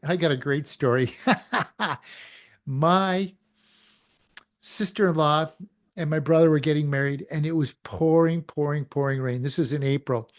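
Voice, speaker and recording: A man giving an animated motivational talk as a show host, firing questions at his audience and acting out little quotes. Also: on the high side, a little slow, pauses often.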